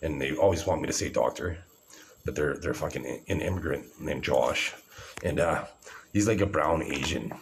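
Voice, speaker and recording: A man's voice: a bass voice, normal speed, gravelly, a little hiss or hum. A man in his forties talking to camera in an agitated, rambling, profane monologue. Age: 40s.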